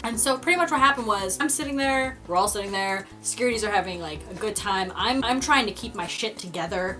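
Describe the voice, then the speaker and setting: Brief: giggly, excitable woman telling a story time, slightly high and very bright, faint music behind. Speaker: vlogger.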